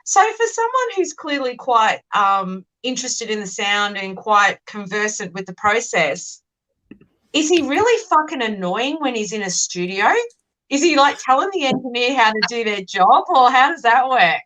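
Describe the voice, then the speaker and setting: Bright, lively cheeky woman. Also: a little high, normal speed, low-quality recording. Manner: cheeky, swears playfully, laughs easily. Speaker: co-host. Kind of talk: casual interview chat.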